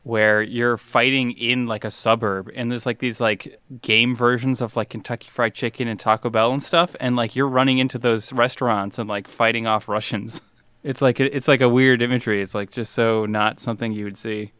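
Smooth dry-sounding guy rambling with lots of "like", casual podcast chat. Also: medium pitch, fairly even intonation, moderate pace, a bit bright, dry recording. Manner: rambling, lots of "like", laughs often. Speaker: podcast co-host.

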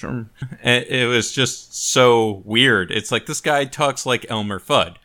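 Bright-voiced man hosting a casual chat. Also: mid-range voice, slow, smooth. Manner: chatty, jokey, playful put-on voices. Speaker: podcast host.

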